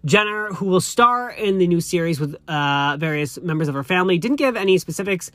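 A man in his thirties hosts a solo pop culture gossip podcast, reading news stories aloud with campy, gushing asides, calling listeners honey, and correcting himself often. His voice is high-pitched and fairly bright, with lively intonation and a slightly fast pace. There's no echo.

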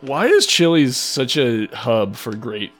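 A young man co-hosting a casual podcast, expressive and quick to laugh. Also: medium pitch, soft background music. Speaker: podcast co-host. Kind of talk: casual chat.

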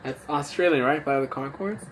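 Here a man who hosts a podcast and does comedy chats loosely while tipsy on a phone livestream, swearing and rambling. His pitch is fairly high, his tone a bit bright, and his pace a little fast; faint background noise is audible.

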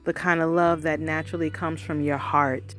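A woman with a lowish voice talks straight to her listeners in a loose, heartfelt monologue. She keeps it conversational, checks in with "you know what I mean?" and calls everyone "y'all." Faint music plays softly behind her. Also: level tone, normal speed. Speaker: vlogger. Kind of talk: casual motivational monologue. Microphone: recording herself for her channel.

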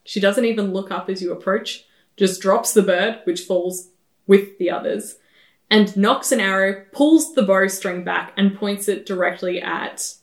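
A woman's voice: mid-range voice, a little slow, reverberant. A woman narrating a tabletop game as game master, describing scenes with a laugh now and then.

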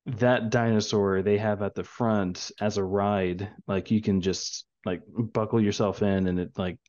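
A man's voice: fairly low pitch, fairly even intonation, unhurried, a little mellow, muffled recording. A young man and father telling a casual story with lots of fillers and restarts. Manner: rambling storyteller with many fillers. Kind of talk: casual chat.

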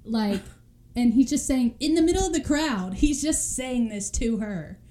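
A woman's voice: on the high side, expressive, unhurried, warm tone. A young woman telling a true crime story in casual chat, laughing often and acting out the people in it. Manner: chatty, laughs often, acts out quoted voices.

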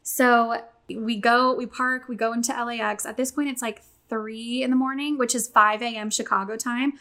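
A young adult woman telling a long story in casual chat, animated and swearing, acting out quotes. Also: fairly high pitch, moderate pace.

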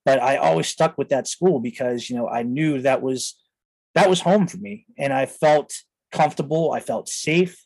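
A man in his thirties hosts a podcast, telling a personal story in a rambling way packed with fillers like "you know" and "like." His voice is medium-pitched, gravelly, a little mellow and slightly rough, at a moderate pace. He's on a close mic in a studio, but the recording is dry and low quality.

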